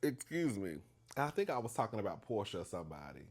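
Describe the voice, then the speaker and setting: A man hosting a casual storytime vlog, gossipy and animated, laughing often and calling his listeners "girl". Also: lowish voice, quick pace. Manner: laughs often between lines. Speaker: vlog host.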